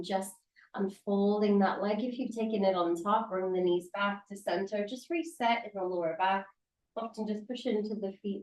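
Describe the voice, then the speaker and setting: A woman teaching a yoga class, giving calm, encouraging, unhurried cues through the movements and breaths. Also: mid-range voice. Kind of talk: guided yoga class instruction. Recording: roomy sound from a distance.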